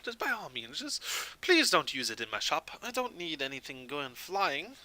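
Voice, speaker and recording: A fussy, wheedling shopkeeper, as a man puts him on, his voice pitched up high and swooping as he fusses over a gem. He repeats himself and sounds bright and sharp. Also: big pitch swings, normal speed, exaggerated voice. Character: fussy male shopkeeper appraising gems.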